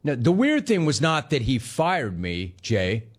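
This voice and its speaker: A man's voice: mid-range voice, unhurried, breathy edge. A man hosting a sports talk show reads out listener comments and riffs on them. His talk is loose, casual and joking, in an ordinary mid-range voice. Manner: animated, riffing and joking on viewer comments. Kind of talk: casual chat reading listener messages.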